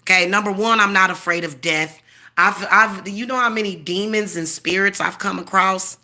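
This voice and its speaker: A woman's voice: mid-range voice, normal speed, bright, forceful tone. A woman in her forties delivering a profane, confrontational, boastful rant straight to camera. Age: 40s. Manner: boastful, defiant. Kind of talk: ranting monologue to camera.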